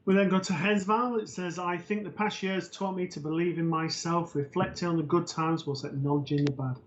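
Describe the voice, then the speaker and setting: Steady man co-hosting a live stream. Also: a little high, brisk, a little hiss or hum. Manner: steady, explanatory, with filler ums. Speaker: co-host, psychic medium. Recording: dull lo-fi stream audio.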